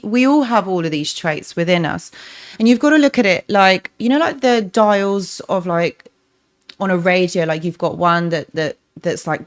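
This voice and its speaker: A woman from North London with a softened London accent, hosting a live stream, reading out viewers' comments and answering them with encouragement and frequent restarts. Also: mid-range voice. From North London, England. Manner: warm encouraging, talks to chat by name, many restarts. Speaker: relationship coach, livestream host.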